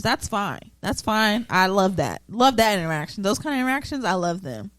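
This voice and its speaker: A woman's voice: mid-range voice, animated, moderate pace, a bit bright, dry recording. A woman co-hosting a casual podcast chat, blunt and emphatic, swearing freely. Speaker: podcast co-host.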